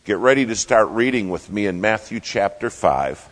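Low-voiced preacher in a reverberant hall. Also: male voice, animated, moderate pace. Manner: emphatic preaching, swinging from loud declarations to hushed asides. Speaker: pastor. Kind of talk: sermon.

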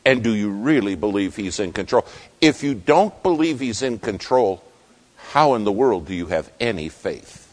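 A man preaching a sermon, telling a story with dramatic swings between loud and hushed. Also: on the low side, lively intonation, moderate pace.

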